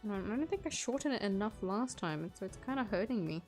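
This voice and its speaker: A woman's voice: medium pitch, lively intonation, brisk, darkish tone, soft background music. A young Australian woman chatting casually and giggling while she live-streams a game. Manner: chatty, giggly, many fillers.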